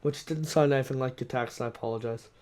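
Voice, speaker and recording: A tired, hoarse man giving casual, self-deprecating commentary while reading through a game. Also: medium pitch, fairly even intonation, fast talker, a little mellow, slight background noise. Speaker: let's play narrator.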